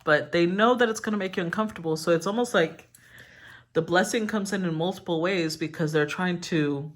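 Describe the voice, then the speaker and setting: A woman's voice: lowish voice, brisk. Candid, rambling woman tarot reader. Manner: rambling and candid, swears freely, many restarts. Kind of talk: casual collective tarot reading.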